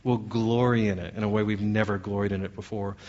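A man's voice: fairly low pitch, level tone, brisk, a little mellow, dull audio. A man preaching as a pastor, earnest, putting question after question to his congregation. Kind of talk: sermon.

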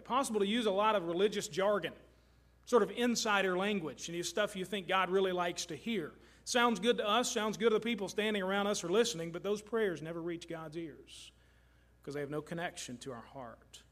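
A middle-aged man from Kentucky delivers a sermon from the pulpit. His voice sits high for a man, and his earnest, emphatic delivery leans on repetition to drive each point home. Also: brisk, a bit bright. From Kentucky, USA. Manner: earnest, emphatic preaching with repeated phrases. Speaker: pastor.

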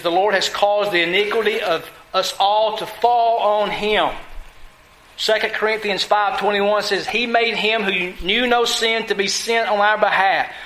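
A man's voice: high voice, sharp tone, echoey room, slight background noise, rough recording. A man preaching a sermon, emphatic, asking his listeners questions and answering them himself. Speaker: pastor.

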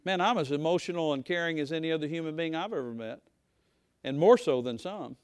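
A middle-aged male pastor preaching a sermon in a folksy, conversational way, talking straight to his congregation and sometimes rising to a shout. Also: a little high, fairly quick, clear, resonant tone, no echo, studio quality.

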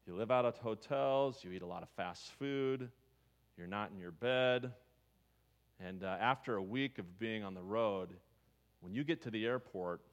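A man preaching a sermon as pastor, talking conversationally and asking his listeners questions. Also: lowish voice. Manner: conversational, asks the congregation questions.

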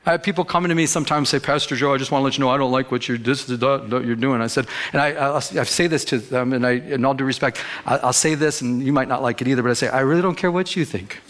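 A man's voice: medium pitch, fairly even intonation, quick pace, hardly any pauses, a bit bright. A man preaching a sermon as pastor, emphatic, repeating phrases and acting out the people he quotes.

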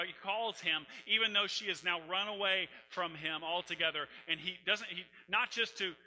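A man's voice: sits high, sharp tone, slight background noise, poor audio. A man preaching a sermon, telling a scripture story in an emphatic, conversational way. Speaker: pastor.

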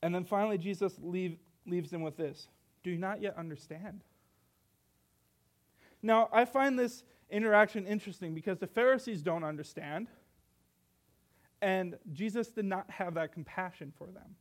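A man's voice: high voice, moderate pace. A young man preaching a sermon, earnest, asking rhetorical questions and reading scripture aloud.

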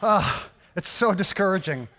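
A man's voice: sits high, lively intonation, measured pace, pushed and bright. A man preaching a sermon as a pastor, casual and rambling, with lots of restarts and asides, asking "right?" often.

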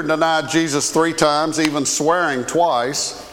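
Animated Southern preacher in a reverberant hall. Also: male voice, on the high side, a little slow. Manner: animated, folksy preaching with humor. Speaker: pastor. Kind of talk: sermon.

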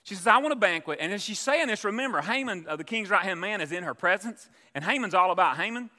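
A man's voice: high-pitched, animated, fast talker, bright, forceful tone, in a large hall. A man preaching a sermon, telling a story and acting out its voices. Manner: storytelling preacher, acts out voices in his tales.

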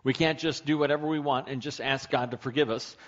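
A man's voice: medium pitch, steady tone, brisk. Emphatic man preaching, lo-fi recording. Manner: conversational preaching, emphatic, asks the congregation questions. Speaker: pastor. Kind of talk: sermon.

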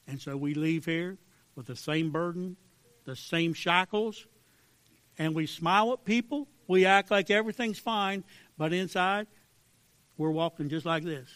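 A man preaching a fervent sermon, swinging between hushed pleading and loud emphasis. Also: a little high, a little slow, no room sound. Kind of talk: sermon with altar call.

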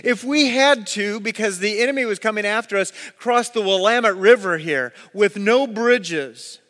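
Animated preacher in a reverberant hall. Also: male voice, sits high, normal speed. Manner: storytelling, animated, acts out voices. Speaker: pastor. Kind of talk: sermon.

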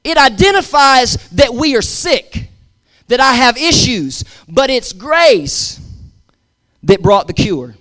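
A man's voice: very high voice, very animated, takes it slowly, bright, forceful tone. A man preaching a sermon as pastor, emphatic and repetitive, with call-and-response to his congregation and casual asides. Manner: repeats words for emphasis, conversational asides.

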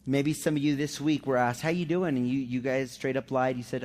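A man's voice: on the high side, normal speed, darkish tone. A male pastor giving a conversational sermon, acting out the quotes of everyday people in a raised voice.

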